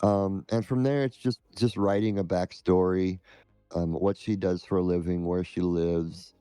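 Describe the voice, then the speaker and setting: Low, mellow, unhurried man. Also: steady tone, clean tone, dry recording. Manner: halting, measured. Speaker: scam-baiting streamer, guest. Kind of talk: interview answers.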